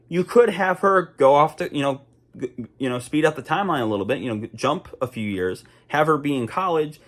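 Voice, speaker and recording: A man's voice: on the high side, a bit bright. Chatty young man rambling about films. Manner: chatty, rambling, many fillers and restarts. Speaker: vlogger. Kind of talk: casual talk to camera.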